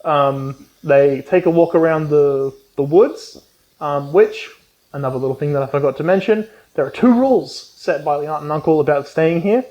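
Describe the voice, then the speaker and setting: A man's voice: on the high side, moderate pace, darkish tone, muffled recording. A man recapping a book casually, rambling with lots of ums and swearing, and acting out the characters' lines. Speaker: book reviewer.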